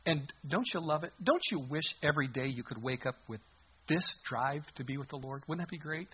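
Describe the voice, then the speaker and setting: A man preaching a sermon as a pastor, expressive and full of rhetorical questions, on a muffled lo-fi recording. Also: a little high, a little fast, slightly rough.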